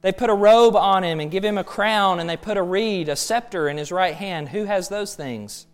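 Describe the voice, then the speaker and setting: A man's voice: high-pitched, normal speed, smooth. A man preaching a sermon, emphatic and full of rhetorical questions.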